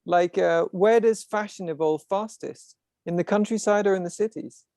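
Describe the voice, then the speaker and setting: A man's voice: sits high, moderate pace, darkish tone, no room sound, studio quality. A man hosting an online discussion group who explains things in a professorial way, with frequent restarts and asides over a video call. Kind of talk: casual explanatory talk.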